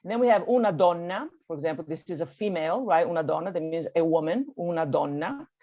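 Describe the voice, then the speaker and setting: A woman from Italy, a language teacher with an Italian accent, leads a beginner Italian class over a video call. Her voice is on the low side, warm and animated, and she talks fast, encouraging students and checking in with "okay?" after nearly every point. The sound is lo-fi.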